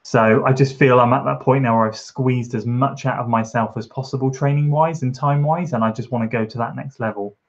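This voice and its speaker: A man's voice: medium pitch, steady tone, a little fast, hardly any pauses, highs cut off. A man chatting casually on a live stream from his home kitchen, reading out and answering chat comments, encouraging and rambling with fillers.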